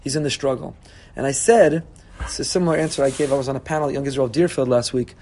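A man's voice: medium pitch, fast, slight background noise. A man giving a sermon as a rabbi, preaching with animation and acting out quoted voices. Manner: animated preaching, voicing God and congregants.

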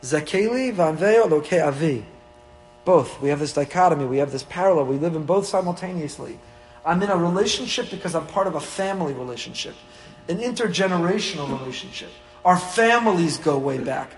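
A man, a rabbi, teaching a weekly Torah class in an animated way, acting out little dialogues with humor. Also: fairly high pitch, brisk, slight background noise. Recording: long hall reverb.

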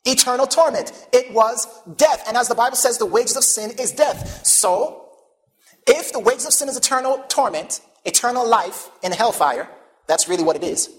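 A man preaching a sermon, pausing often to ask the congregation questions and leading them toward each answer. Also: very high-pitched. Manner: call-and-response questions to the congregation; animated, emphatic preaching.

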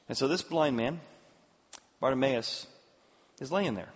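Man, pastor, sermon, animated storytelling, long hall reverb, muffled sound. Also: mid-range voice, a little slow, pauses often. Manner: animated storytelling with acted quotes. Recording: echoey hall, slightly dull.

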